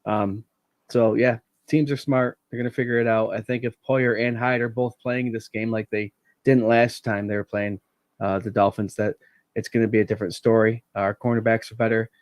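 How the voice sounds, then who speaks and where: A man's voice: lowish voice, level tone, moderate pace, no room sound. A man co-hosting a casual sports panel podcast, giving his game picks in a slightly hesitant way. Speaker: podcast co-host.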